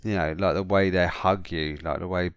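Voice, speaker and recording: A man's voice: deep voice, fairly even intonation, normal speed, clear, resonant tone, dry recording, dull audio. A man in his thirties with a South London accent, chatting casually as a podcast co-host and filling gaps with "yeah". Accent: South London English. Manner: chatty, repeats "yeah" a lot, drops into silly put-on voices. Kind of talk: casual chat.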